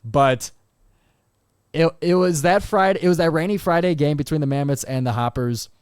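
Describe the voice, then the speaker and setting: High-voiced man ranting on a sports podcast. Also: smooth, no room sound, studio quality. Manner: animated, exasperated ranting with quick asides. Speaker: podcast host. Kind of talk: solo sports podcast recap and rant.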